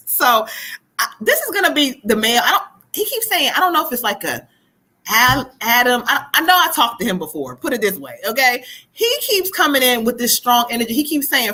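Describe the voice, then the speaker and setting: Bright-voiced woman giving a live tarot reading. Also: fairly high pitch, big pitch swings, brisk, rough recording. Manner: chatty, laughs often, relays spirit messages. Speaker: psychic reader.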